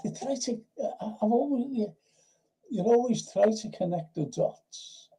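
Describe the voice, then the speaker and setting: Man, review-show host, raspy-gravelly low-timbred tone, rambling chatty storyteller, casual swearing. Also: animated, a little slow, dark tone, poor audio. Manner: rambling anecdotal storytelling, frequent restarts. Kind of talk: casual livestream chat.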